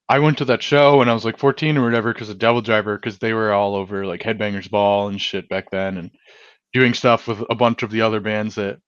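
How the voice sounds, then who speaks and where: A male musician guest in a casual interview, speaking in a relaxed way full of "like" and "um". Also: fairly low pitch, dry recording, dull audio. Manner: relaxed, lots of "like" and "um" fillers.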